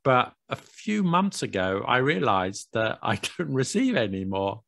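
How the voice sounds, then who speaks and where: British male co-host, playful and joking; gravelly, dead-dry recording. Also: medium pitch, big pitch swings, a little slow, a bit bright, dry recording. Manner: playful, teasing, self-mocking asides. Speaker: podcast co-host. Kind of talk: casual podcast chat.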